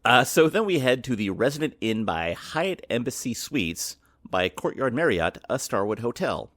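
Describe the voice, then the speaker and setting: A man co-hosting a podcast, chatting casually with lively trivia asides. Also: mid-range voice, normal speed, no room sound, studio quality. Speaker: podcast co-host. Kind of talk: casual chat.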